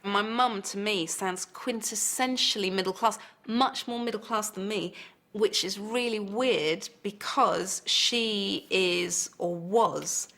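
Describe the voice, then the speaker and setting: Woman interviewee, mid-pitched, reflective, pauses between phrases. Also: fairly bright tone.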